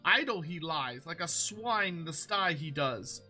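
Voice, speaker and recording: A man's voice: fairly high pitch, expressive, a little slow, sharp tone, soft background music, full character voice. A man voicing a squawking bird-like creature who gives quests with inverted word order, reading game text aloud in character.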